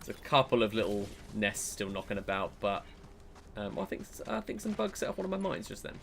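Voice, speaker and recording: A man, hosting a podcast stream and chatting excitedly while playing a game. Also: lowish voice, brisk, gravelly, a little hiss or hum.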